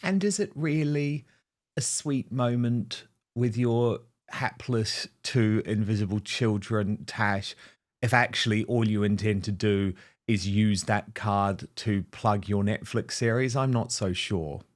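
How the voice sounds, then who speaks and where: A male host delivering commentary at an unhurried, drawn-out pace. His emphasis is mocking and pointed as he introduces clips and questions his guest. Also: lowish voice. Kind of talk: opinionated commentary show.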